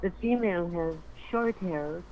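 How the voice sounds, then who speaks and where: A woman caller giving a psychic reading, describing spirits slowly and searching for words. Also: lowish voice, muffled recording, a little hiss or hum. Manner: slow, halting, searching for words. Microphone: call audio.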